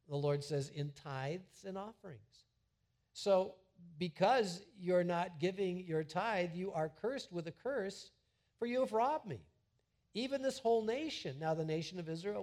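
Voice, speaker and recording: A middle-aged man preaching a sermon in a church sanctuary, talking in a conversational, animated way with frequent restarts. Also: high voice, moderate pace. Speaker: pastor.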